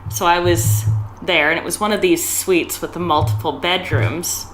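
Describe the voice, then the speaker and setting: Woman, interview guest, candid, animated, laughs a lot, faint background noise. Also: fairly low pitch, moderate pace. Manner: candid, animated, laughs often, acts out dialogue. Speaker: guest, escort and tantra educator. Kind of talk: casual interview storytelling.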